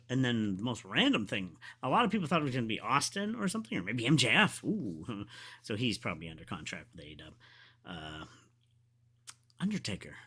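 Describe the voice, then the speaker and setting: A man hosting his own show, chatting casually and excitedly through a wrestling event recap, rambling and going back to correct himself. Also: fairly low pitch, breathy edge. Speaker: wrestling podcast host. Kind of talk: casual solo review chat.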